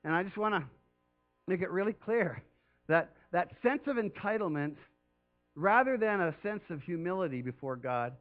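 A man's voice: high-pitched, lively intonation, moderate pace, narrow, tinny audio, soft background music. A man preaching a sermon as pastor, talking earnestly and conversationally with emphatic rises.

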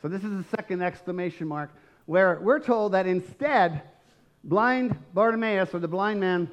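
A male pastor preaches a sermon in a fairly high voice. He is emphatic and swells into shouts, and he keeps checking in with his listeners with quick questions. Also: dull audio. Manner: emphatic, rising to shouts, asks the congregation questions.

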